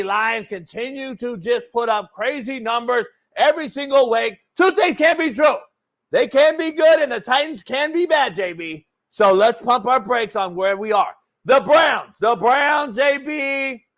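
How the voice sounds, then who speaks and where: A man doing a shouty, high-pitched sports-talk hothead. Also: moderate pace. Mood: hyped. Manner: shouty, hyped, repeats the co-host's name. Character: loud male sports-talk co-host giving hot takes. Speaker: host.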